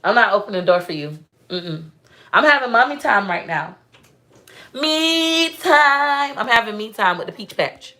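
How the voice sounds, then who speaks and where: A young woman talks straight to her livestream viewers in a loose, storytelling way. Her voice sits low, with a gravelly, fry-tinged texture. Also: expressive, fairly quick, pushed and bright. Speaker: livestream host. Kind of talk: casual live-stream chat.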